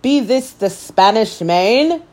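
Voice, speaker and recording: A woman's voice: fairly high pitch, lively intonation, slow pace, pitched above the performer's own voice. Woman doing a blustering pirate captain. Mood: hearty. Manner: gruff pirate talk, shouting. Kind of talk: children's storybook reading.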